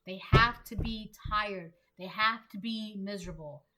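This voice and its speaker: Bright-voiced woman giving a tarot reading. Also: medium pitch, unhurried, slight background noise. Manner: emphatic, repetitive, lots of "like". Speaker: tarot reader. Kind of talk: collective tarot reading, casual monologue.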